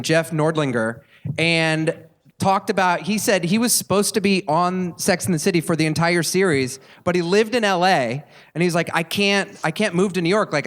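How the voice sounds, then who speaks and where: High-voiced man telling a lively story. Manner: animated, laughing storyteller. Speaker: podcast co-host. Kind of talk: live podcast storytelling. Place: live stage in front of an audience.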